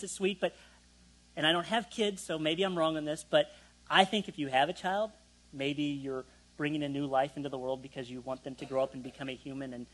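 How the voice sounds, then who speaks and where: A man's voice: on the high side, low-quality recording. Conversational man preaching a sermon. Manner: conversational, self-deprecating asides, light laughs. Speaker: pastor.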